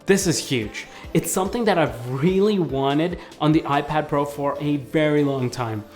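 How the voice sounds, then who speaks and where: A man giving a casual video review of a tablet. He talks in a chatty, excitable way and fills his sentences with "like". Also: a little high, moderate pace, faint music behind. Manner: chatty and excitable, leans heavily on "like". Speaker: tech reviewer.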